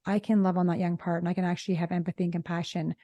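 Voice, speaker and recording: A woman therapist co-hosts a relationship podcast, speaking fast and emphatically. Her voice sits a little low, and she repeats her key points with blunt asides. The sound is dry and close. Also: level tone, warm tone, no room sound, highs cut off. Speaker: relationship psychologist podcast co-host. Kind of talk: casual podcast conversation.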